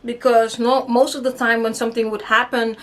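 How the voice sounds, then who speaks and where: Young woman vlogger, high pitched, animated storyteller who acts out dialogue. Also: fairly quick. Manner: animated, acts out quotes, swears, laughs. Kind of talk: casual storytime chat.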